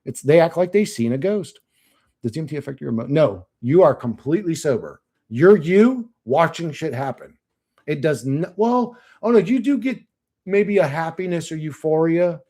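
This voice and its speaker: A man's voice: fairly high pitch, expressive, normal speed, dark tone. A young man streaming live, chatting casually and bluntly, cursing often and laughing at chat.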